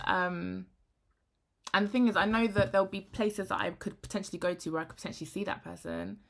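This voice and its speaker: A young woman talks straight to camera in a frank, rambling vlog. Her voice sits low yet sounds bright and forceful. She swings between animated bursts and hushed asides. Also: fairly quick, creaky. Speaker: vlogger. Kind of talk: candid talking-to-camera vlog.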